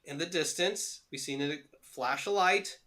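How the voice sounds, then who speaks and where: A man co-hosting a podcast in casual chat over an internet call, halting with frequent fillers and restarts. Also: on the high side, crowd noise. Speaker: podcast co-host.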